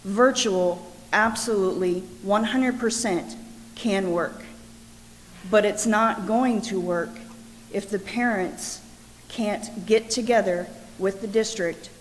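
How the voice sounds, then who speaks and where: Calm firm mom reading her comment at a podium, echoey hall, slight hiss. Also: medium pitch, takes it slowly. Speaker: parent giving public comment. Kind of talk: prepared public comment at a school board meeting. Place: school board meeting room.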